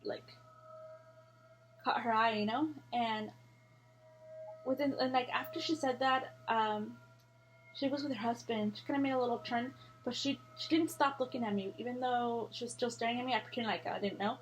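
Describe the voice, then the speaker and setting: A woman's voice: fairly high pitch, normal speed, slight background noise. Rambling young woman telling a story. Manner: rambling, animated, swears freely, acts out quotes. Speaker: vlogger. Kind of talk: casual storytelling to camera.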